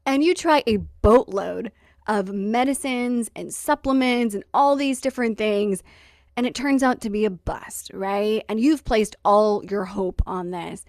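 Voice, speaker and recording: A woman's voice: medium pitch, measured pace, no room sound. Woman host, chatty and wry, acts out the quotes, dry close mic. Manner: lively, wry storytelling with acted-out quotes and laughter. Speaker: podcast host. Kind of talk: casual storytelling chat.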